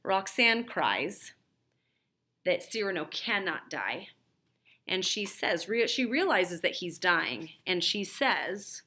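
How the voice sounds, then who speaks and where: A woman teacher talks through the end of a classic play for her students. She speaks slowly in a slightly low voice, conversational and loose, with ums along the way. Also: animated, bright, forceful tone. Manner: conversational retelling with fillers. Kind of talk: literature lesson summary.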